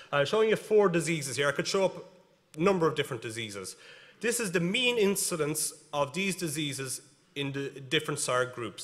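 An Irish man presents at a conference, walking the audience through each point with a fairly high voice. He talks emphatically and dares the room to challenge him. His voice rings out with a long echo in a large hall. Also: fairly bright tone. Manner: emphatic, challenging, explains step by step. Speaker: animal geneticist giving a conference talk. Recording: reverberant hall.

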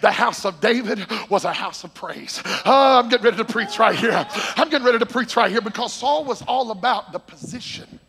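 Man preaching, very high voice, gravelly, shouting sermon, echoey church sanctuary. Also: fairly quick, few pauses. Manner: shouting, excitable, and laughing between points. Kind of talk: Pentecostal sermon.

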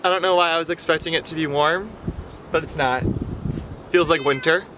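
A man in his twenties, chatting excitedly to a handheld camera on a solo road trip. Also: on the high side, moderate pace. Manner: excitable and chatty, talking to himself on a solo drive. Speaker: vlogger. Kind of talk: casual travel vlog talk to camera. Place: in a car and outdoors on rural roads. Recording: audible car and outdoor noise.

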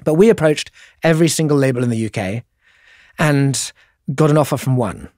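A man's voice: mid-range voice, expressive, a little fast, darkish tone, no room sound, studio quality. A middle-aged man with a posh English accent, chatting as an interview guest in a rambling, self-deprecating way. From England. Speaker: guest musician. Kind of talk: casual interview conversation.

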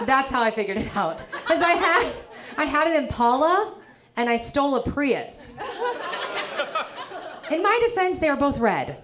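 A woman from the South, performing a stand-up comedy set with a dry, teasing delivery and quick punchlines. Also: sits high, big pitch swings, noisy background. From American South. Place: comedy club stage. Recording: live club with loud crowd laughter. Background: audience laughter.

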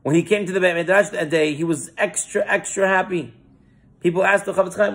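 Gravelly-voiced rabbi telling a sermon story. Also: male voice, high voice, fairly even intonation, a little fast, a bit bright. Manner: earnest storytelling with Hebrew terms.

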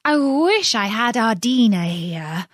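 A woman's voice: on the high side, very animated, slow, dry recording, studio quality, full character voice. Alice, an eager young girl, as a woman reads her. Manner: earnest, pleading. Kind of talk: storybook reading.

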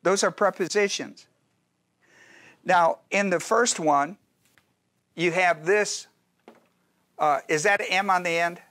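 A man's voice: high voice, slow pace, pauses often, a bit bright, no echo. A man teaching a Bible study as pastor, talking in an emphatic, repetitive way and checking often that his listeners follow.

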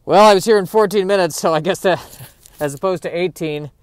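A man's voice: high voice, fairly quick, no room sound. A man hosting a podcast, talking casually to himself while driving, rambling and joking at his own expense. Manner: self-deprecating, joking, rambling. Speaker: podcast host. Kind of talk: casual monologue.

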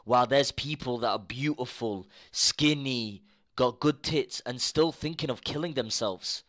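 Ranting at his stream chat, a young man talks casually, curses without restraint and repeats himself. His delivery is measured in pace but swings from low muttering to sudden loud bursts.

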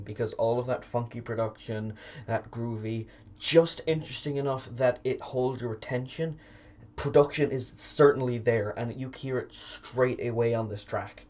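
A man's voice: mid-range voice, moderate pace, darkish tone. A young man giving a casual spoken album review, candid and opinionated, with the occasional swear word.

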